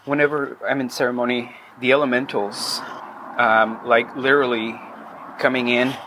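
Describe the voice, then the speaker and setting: A man's voice: medium pitch, level tone, normal speed, noisy background. A man as a podcast guest, talking casually in a rambling way with many fillers and restarts. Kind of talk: casual interview chat.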